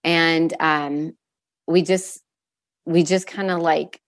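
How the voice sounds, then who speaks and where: A woman as a podcast guest, telling a personal story candidly in a halting way, openly emotional and near tears at times. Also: sits low, fairly even intonation. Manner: halting, with fillers and restarts.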